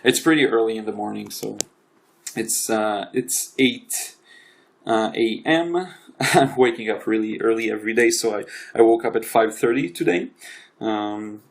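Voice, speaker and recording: A young adult man casually narrating his own painting session as a voice-over, halting and often restarting his sentences. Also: fairly low pitch, vocal fry. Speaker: watercolor artist and channel host.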